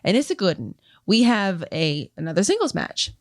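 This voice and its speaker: A woman's voice: fairly low pitch, big pitch swings, moderate pace, no room sound, clean studio sound. A woman co-hosting a podcast, recapping competition matches in casual chat and reading out trivia questions. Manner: reads out match results and trivia questions, then chats loosely. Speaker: podcast co-host.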